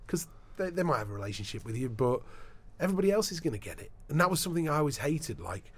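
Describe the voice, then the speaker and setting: A man being interviewed as a sports broadcaster, telling animated anecdotes in a casual chat, often restarting his sentences. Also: fairly high pitch, fast, slightly rough.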